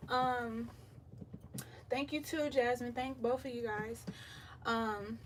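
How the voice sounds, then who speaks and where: A slightly high-voiced woman talks slowly through a live tarot reading, breathless and easygoing, scattering ums between her thoughts. Her voice sits a little away from the mic, with faint beach surf washing in behind her. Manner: relaxed, chatty, many filler ums. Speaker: tarot reader. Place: home by the beach, windows open. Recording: voice a bit far from the mic, faint surf noise. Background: faint beach waves.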